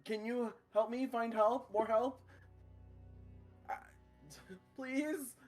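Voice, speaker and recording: A tabletop player voicing Rory, an anxious young man who pleads in a high, flustered voice. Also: steady tone, drawn-out words, darkish tone, soft background music. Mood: panicked.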